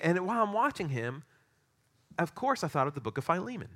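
A middle-aged man preaching a sermon, telling a story with animated, excitable energy. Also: fairly high pitch, brisk. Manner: storytelling, animated, rising to excited peaks in anecdotes. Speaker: pastor.

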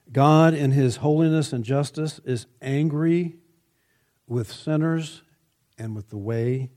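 A man preaching a sermon, measured and emphatic, lifting his voice when he quotes scripture. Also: medium pitch, mellow.

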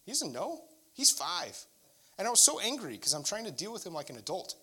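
Pastor, male, middle-aged: sermon delivered as candid personal storytelling, higher than average pitch. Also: a little fast, breathy edge. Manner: conversational storytelling, candid and animated.

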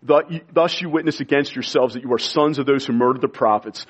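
A man preaching a sermon to a congregation, impassioned and pleading, sometimes dropping to a hushed voice. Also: mid-range voice, fairly quick, breathy edge. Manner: impassioned, pleading preaching with sudden quiet drops. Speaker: pastor.

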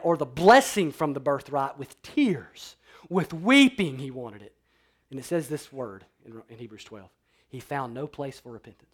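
A man pastor preaching a sermon, swinging between loud emphatic declarations and quiet, low-voiced passages. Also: sing-song, moderate pace.

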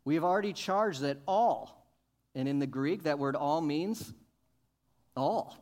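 A male pastor preaching a sermon, asking questions and building to emphatic, loud points. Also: a little high, takes it slowly. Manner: rises to emphatic, loud peaks, asks the congregation questions.

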